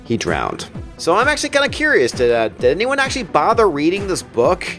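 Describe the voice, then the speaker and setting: A man giving a casual, sarcastic and profane comic book review with deadpan jokes. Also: sits high, fast talker, faint music behind.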